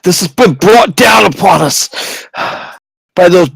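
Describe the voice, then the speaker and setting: A desperate, agonized gnome magistrate, played by a man, his voice pushed high and strained. He pleads and shouts in bursts, pain cracking through every line. Lively, rising pitch throughout. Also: takes it slowly, vocal fry, breathy edge, no echo, heavily acted, poor audio. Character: frail male gnome magistrate, desperate, in agony.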